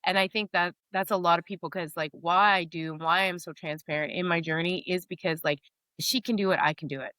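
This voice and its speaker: Candid, rambling woman with a low voice. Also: steady tone, brisk, sharp tone, no room sound. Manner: open, candid, rambling storytelling. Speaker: guest. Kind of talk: casual interview talk.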